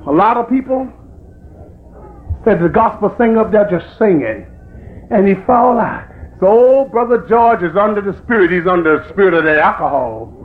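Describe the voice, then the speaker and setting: A man preaching a fiery sermon that rises into shouting. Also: sits high, lively intonation, normal speed. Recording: tinny lo-fi recording with faint hiss.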